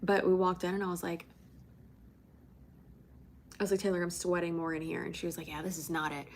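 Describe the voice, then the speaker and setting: A woman's voice: on the low side, little pitch movement, brisk, slight background noise. A young woman from Florida chatting casually on a livestream, rambling with many fillers and casual swearing. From Tampa, Florida. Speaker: livestream host.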